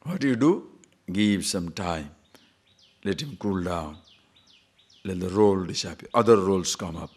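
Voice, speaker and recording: A man, a spiritual teacher giving a conversational scripture lecture, posing rhetorical questions and chanting verses slowly. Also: deep voice, expressive.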